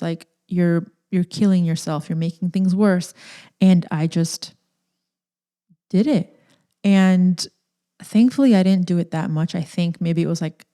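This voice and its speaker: A woman's voice: on the low side, dark tone. A young woman hosting a podcast, telling a personal story candidly and emotionally, nervous and close to tears, with many "like" fillers. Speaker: podcast host.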